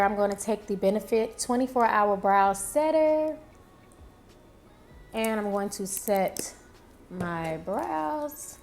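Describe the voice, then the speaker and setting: A young woman talking viewers through her makeup routine in a casual, chatty way, often addressing them directly and talking to herself. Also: medium pitch. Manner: chatty, talks to viewers and herself, drawn-out exclamations. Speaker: beauty vlogger.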